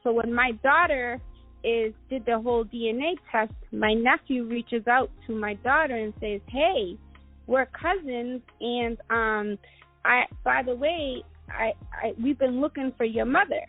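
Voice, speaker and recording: A woman's voice: a little high, a little slow, narrow, tinny audio, faint music behind. A middle-aged woman from Guatemala, a guest entrepreneur in an interview, telling a personal story in a rambling way with many fillers and restarts.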